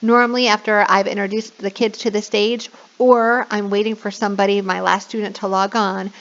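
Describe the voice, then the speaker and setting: A woman's voice: mid-range voice, level tone, normal speed, fairly bright tone, dull audio. A woman walking new online teachers through a classroom platform, often checking in with "okay?" and slipping into a bubbly sing-song voice for kids. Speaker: online English teacher trainer. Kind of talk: screen-share tutorial.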